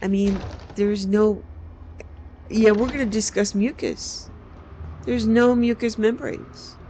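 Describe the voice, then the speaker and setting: A man's voice: high-pitched, steady tone, slow, warm tone, slight background noise. A man giving casual, wry commentary while playing a video game and poking fun at its voice acting. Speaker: game streamer.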